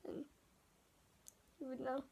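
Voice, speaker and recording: A woman narrating a dark first-person story in a soft, hesitant voice that often drops into a whisper. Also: takes it slowly, slight background noise.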